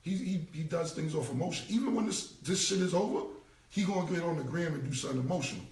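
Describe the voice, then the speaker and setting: A man's voice: on the high side, expressive, fast talker, a little mellow, recorded from a distance. A man in his forties ranting casually on a phone livestream, emphatic and profane, repeating his points. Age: 40s. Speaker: rapper responding on a livestream. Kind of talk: casual rambling livestream rant. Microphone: phone held away. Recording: roomy echo, voice away from the phone mic.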